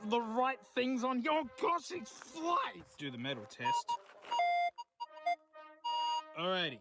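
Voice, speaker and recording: A man's voice: very high voice, huge pitch swings, takes it slowly, pauses often, loud music behind the voice. An Australian man chatting casually outdoors in remote bushland, joking and talking to the things he finds as he goes. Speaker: streamer. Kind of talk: casual vlog chat.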